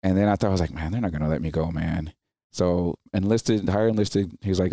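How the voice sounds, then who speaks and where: A deep-voiced Marine veteran in his thirties speaks fast on a podcast. The studio sound is clean, with no room sound. He tells stories casually in an interview, animatedly acting out the people he quotes at a raised volume.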